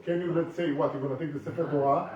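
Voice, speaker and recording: A man's voice: fairly high pitch, fairly even intonation, racing. A man from the congregation asking a question, hesitant and rephrasing. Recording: echoey room, dull sound.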